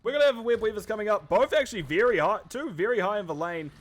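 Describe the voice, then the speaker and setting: A man casting a live esports match with quick, chatty play-by-play commentary, often correcting himself mid-sentence. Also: sits high, lively intonation. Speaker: esports caster.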